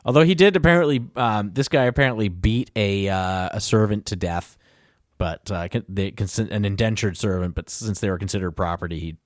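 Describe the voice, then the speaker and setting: A man's voice: on the low side, a little fast, no echo, clean studio sound. A man hosting a casual podcast chat, rambling through history and often chuckling as he corrects himself. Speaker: podcast host.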